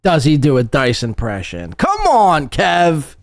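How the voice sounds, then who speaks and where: A man's voice: a little high, wildly swooping pitch, unhurried, dry recording, studio quality. A man hosting a podcast, commenting sarcastically and mockingly on clips in a casual way. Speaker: podcast host.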